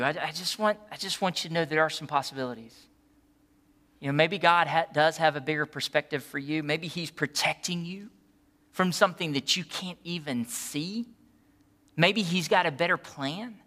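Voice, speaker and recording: A man preaching a sermon as a pastor, earnest and pleading, moving between quiet, soft passages and impassioned ones. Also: high voice.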